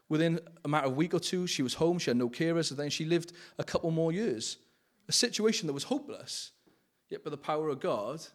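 A man giving an informal sermon with personal testimony, earnest and pleading, often laughing and correcting himself mid-sentence. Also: mid-range voice. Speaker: lay preacher.

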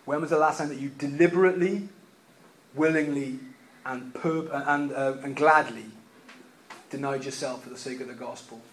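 A man preaching a sermon, emphatic, repeating key phrases and swinging between loud and quiet delivery. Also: medium pitch, fairly even intonation, moderate pace.

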